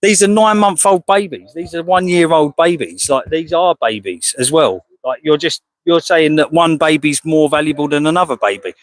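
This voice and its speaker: English man, high-pitched, combative outdoor rant, dry close sound. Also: normal speed, few pauses, no echo, rough recording. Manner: combative, rhetorical, calls listeners "mate". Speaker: animal rights activist. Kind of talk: heated confrontational monologue. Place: outdoors outside a slaughterhouse.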